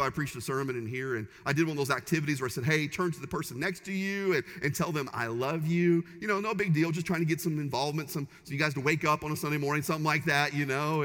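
A man's voice: a little high, a bit bright. Emphatic male pastor in a reverberant hall. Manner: emphatic, repetitive preaching cadence. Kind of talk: sermon. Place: church sanctuary. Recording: long reverb of a large church hall.

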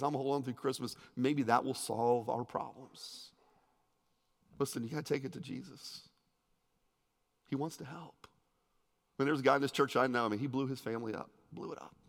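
A man's voice: medium pitch, creaky. Male pastor preaching in a reverberant church. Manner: emphatic, swings between loud and hushed; conversational with joking asides. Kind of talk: sermon. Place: church sanctuary. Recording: long hall reverb.

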